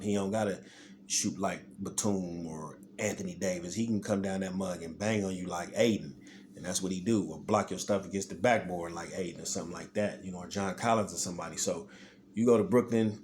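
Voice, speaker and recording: Male vlogger, deeper voice, casual rambling sports talk, addresses viewers directly. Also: darkish tone, a little hiss or hum. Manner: rambling, talks straight to viewers, repeats himself.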